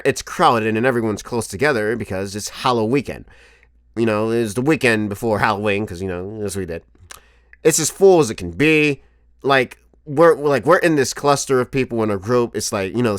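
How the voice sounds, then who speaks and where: A man in his twenties telling a comic story to camera as a vlogger, animated and profane, often laughing. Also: lowish voice, normal speed, dry recording, clean studio sound. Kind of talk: comedic storytelling monologue.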